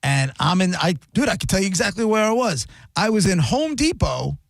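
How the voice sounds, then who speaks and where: A man's voice: high voice, a little fast, vocal fry, no room sound. A radio host chatting casually on air, acting out other people's lines as he tells stories. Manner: animated storyteller, acts out quotes. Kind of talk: casual radio show banter.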